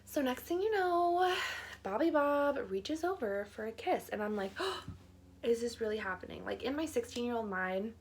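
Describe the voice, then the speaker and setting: A young woman spins a storytime tale on her vlog, chatty and full of fillers, laughing as she goes. Her voice sits a little high and swings up and down expressively. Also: lively intonation, normal speed, a little hiss or hum. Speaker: vlogger.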